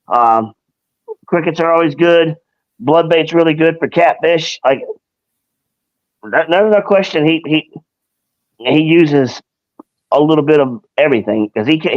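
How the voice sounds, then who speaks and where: A man's voice: fairly high pitch, lo-fi sound. A man co-hosting a live stream in a rambling, casual way, with many restarts. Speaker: co-host.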